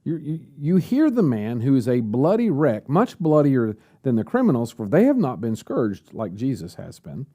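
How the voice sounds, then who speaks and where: A man's voice: medium pitch, wildly swooping pitch, normal speed, hardly any pauses, dark tone. A man preaching a sermon at a church service, asking the congregation rhetorical questions.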